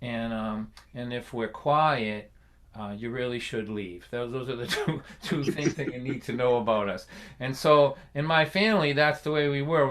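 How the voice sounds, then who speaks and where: Bright-voiced storyteller man. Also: medium pitch, slight background noise. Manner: animated, chatty, laughs at his own story. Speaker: folk singer and storyteller. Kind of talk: comic storytelling on a livestream.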